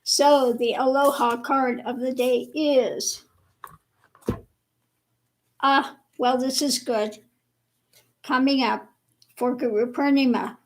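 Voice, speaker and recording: A woman hosting a casual livestream chat with viewers, slow and chatty, laughing often, with her voice a bit worn. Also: sits high, fairly even intonation, rough recording. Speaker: livestream host.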